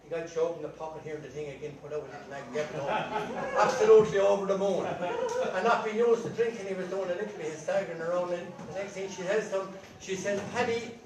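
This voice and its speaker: Irish male storyteller, lively comic patter, distant mic, roomy hall. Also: high-pitched, quick pace. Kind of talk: telling jokes to a live audience. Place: large room at a rambling night. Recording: echoey room from far off, crowd. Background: audience laughing.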